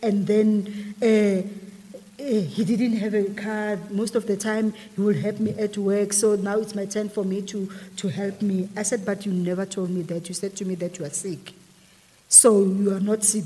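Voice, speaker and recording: A woman's voice: mid-range voice, a little mellow, in a large hall. A woman guest animatedly retelling a personal story in an interview, acting out the dialogue. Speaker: guest telling her story.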